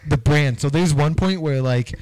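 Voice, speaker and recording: A man's voice: fairly high pitch, normal speed, a little mellow, slight background noise, poor audio. A man casually retelling a show plot on a podcast, rambling with lots of fillers. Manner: rambling storyteller, fillers and acted quotes. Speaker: podcast co-host. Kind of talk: casual chat.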